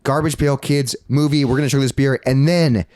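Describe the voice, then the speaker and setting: A man co-hosts a casual podcast and rambles through his points, often restarting a sentence. His voice sits at an ordinary middle pitch. It is recorded dry and close. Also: fairly even intonation, brisk, darkish tone, no room sound. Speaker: podcast co-host. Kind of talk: casual chat.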